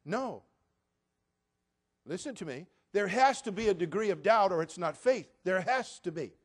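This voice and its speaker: A pastor in his sixties delivers a sermon full of animated storytelling, acting out the voices of Bible characters. His husky voice is a little higher than most men's, and his pace is moderate.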